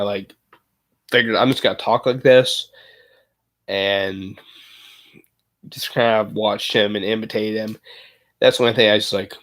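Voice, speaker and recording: A man livestreaming, chatting casually with viewers in a halting way, full of fillers and self-corrections. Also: lowish voice, fairly bright tone. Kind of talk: casual live chat.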